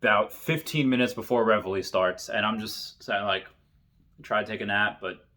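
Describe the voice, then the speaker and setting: A man's voice: fairly low pitch, moderate pace, bright, forceful tone. A man, a military veteran, casually reading funny stories and laughing often at them.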